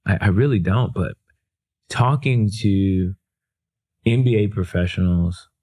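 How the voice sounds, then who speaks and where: A man's voice: low voice, measured pace, a little mellow. A man, a motivational speaker, telling stories in a casual, self-deprecating way with lots of fillers and restarts. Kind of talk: casual storytelling.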